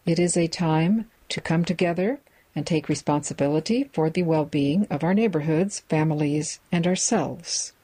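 A woman reading a magazine aloud in a measured way, describing its photos with the odd aside. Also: low-pitched, dark tone, husky, rough recording. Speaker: reader of a magazine for listeners.

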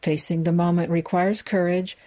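A woman reading a magazine aloud in a measured way, describing its photos with the odd aside. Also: lowish voice, flat delivery, warm tone, low-quality recording. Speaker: reader of a magazine for listeners.

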